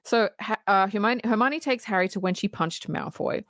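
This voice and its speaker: A woman co-hosting a podcast, recapping a film's plot in steady, casual storytelling. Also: mid-range voice, normal speed, dry recording, clean studio sound. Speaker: podcast co-host.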